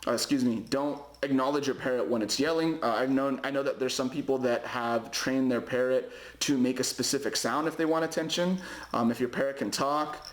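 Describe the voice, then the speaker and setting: A young man talks through parrot-care advice in a relaxed, rambling way, stopping often for fillers and restarts. His voice sits at an ordinary middle pitch. The room around him is echoey. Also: brisk. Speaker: parrot owner giving care tips. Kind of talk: casual advice vlog. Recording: roomy echoey home recording.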